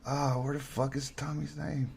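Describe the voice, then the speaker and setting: A man with a Southern US accent from North Carolina, hosting a casual profane podcast chat, telling stories loudly and laughing often. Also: mid-range voice, level tone, normal speed, vocal fry, a little hiss or hum. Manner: loud, laughing, drawling storyteller. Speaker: host.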